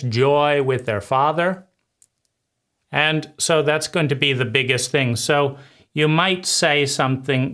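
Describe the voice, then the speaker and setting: A man teaching conversation skills in a deliberate way, often repeating himself and checking in with "right?". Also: medium pitch, fairly bright tone. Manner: slow, deliberate, repeats phrases and asks "right?". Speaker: life coach.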